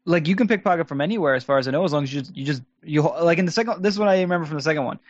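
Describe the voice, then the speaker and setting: A man's voice: on the high side, racing, no room sound. A man chatting casually about a game, hesitant and hedging as he recalls it, on a dull lo-fi microphone. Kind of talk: casual chat. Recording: dull, lo-fi dry sound.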